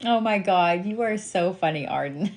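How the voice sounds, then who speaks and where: A woman's voice: lowish voice, expressive, normal speed, darkish tone. A woman giving a reiki and wax reading in a casual live chat. She swears freely, laughs often and reassures the listener by calling them sweetie.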